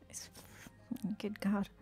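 A woman gaming streamer giving playful, casual commentary, swearing freely and talking to her game character. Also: mellow.

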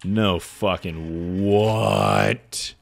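A man's voice: low-pitched, fairly even intonation, very slow, creaky. A man streaming a game while drinking, tipsy, rambling and swearing as he chats and laughs. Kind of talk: casual game-stream chatter.

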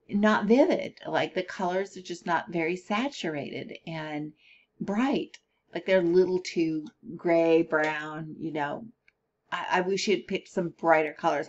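Slow, hesitant woman critiquing artwork. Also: lowish voice, dull audio. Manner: thinking aloud, hesitant with fillers and restarts. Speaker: colored pencil art critic. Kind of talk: casual spoken critique.

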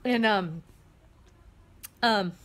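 A woman's voice: medium pitch, drawn-out words, a little hiss or hum. A middle-aged woman hosting a home vlog, talking to camera in an earnest, rambling way, emotional and a little shaky, with lots of fillers and restarts. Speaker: vlog host. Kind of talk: casual heartfelt talk to camera. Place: family home with kids around.

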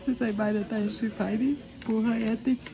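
A woman's voice: fairly high pitch, steady tone, moderate pace. A woman working as a makeup artist, teasing her client and laughing often.

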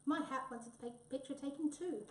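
A woman's voice: sits high, brisk, close to an everyday voice. A woman doing a sulky, childlike wombat. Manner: sulky, eager. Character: tubby childlike male wombat, easily upset. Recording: echoey room, voice from far off.

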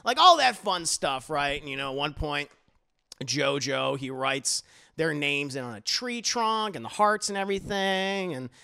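Animated, gravelly male reviewer. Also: on the high side, measured pace. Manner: animated, profane, acts out scenes. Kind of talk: casual episode recap.

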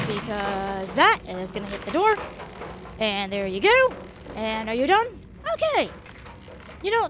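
Young woman, high voice, swinging pitch, gaming streamer, frustrated swearing, noisy background. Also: a bit bright. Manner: frustrated, swearing, talking to the game. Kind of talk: live gameplay commentary.

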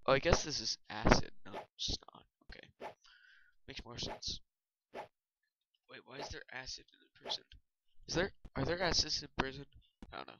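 A man's voice: medium pitch, expressive, normal speed. A man giving rambling, hesitant let's play commentary with lots of fillers, on a dull lo-fi recording with noise and mouse clicks. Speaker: gamer.

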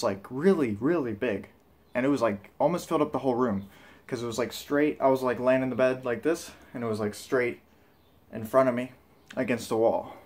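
A man talking casually to camera as a vlogger, rambling and candid with lots of filler words. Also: mid-range voice. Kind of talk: casual vlog talk.

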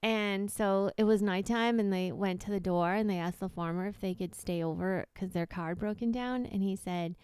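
Podcast co-host, female, rambling storyteller with a smooth voice, dry close sound. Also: medium pitch, moderate pace, hardly any pauses, no room sound. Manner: rambling storyteller, acts out characters loudly. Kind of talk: casual chat, telling a long joke.

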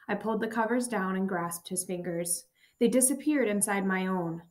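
A woman's voice: medium pitch, moderate pace, a little mellow. Woman reading a somber memoir aloud. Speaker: audiobook narrator. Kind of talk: first-person memoir narration.

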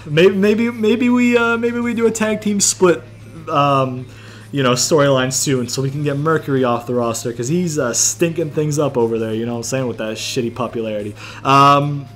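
A man's voice: a little high, normal speed, fairly bright tone, faint music behind. A man giving casual, rambling gameplay commentary, thinking aloud and swearing freely. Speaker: gaming YouTuber.

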